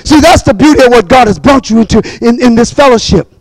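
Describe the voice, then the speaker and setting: Preacher, male, very high voice, dry close sound; calls to the congregation, shouts, repeats himself. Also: expressive, no room sound, low-quality recording. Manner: call-and-response preaching, bursts of shouting, quick repetitions. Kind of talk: sermon.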